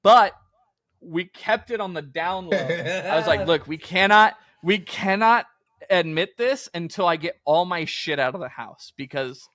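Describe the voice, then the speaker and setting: A man's voice: high voice, expressive, a little slow, a bit bright, no room sound, clean studio sound. A young man from co-hosting a podcast, telling a story in a laid-back, casual way and often quoting himself. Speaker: podcast co-host.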